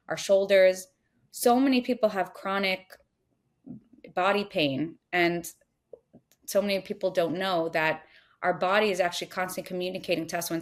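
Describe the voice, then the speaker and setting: A woman speaking earnestly as a podcast guest, giving a spiritual coaching talk and voicing inner thoughts in little quoted asides. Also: lowish voice.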